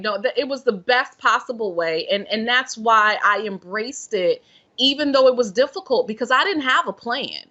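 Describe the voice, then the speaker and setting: A woman guest on a podcast, a self-care and meditation guide, telling her personal story in an earnest, expressive way and acting out what she thought back then. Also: on the high side, moderate pace, highs cut off. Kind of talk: personal story told in conversation.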